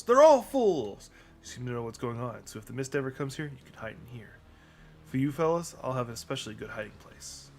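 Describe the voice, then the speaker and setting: A man's voice: medium pitch, lightly acted. A man voicing a paranoid, eccentric male inventor in a game, jittery and ranting.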